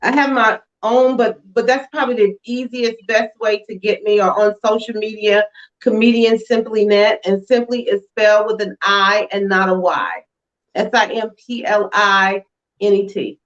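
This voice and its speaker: A comedian and grandmother talking as a guest on a talk show, animated and preachy, with stammering restarts. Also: medium pitch, moderate pace. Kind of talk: casual interview chat. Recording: dull lo-fi online show audio.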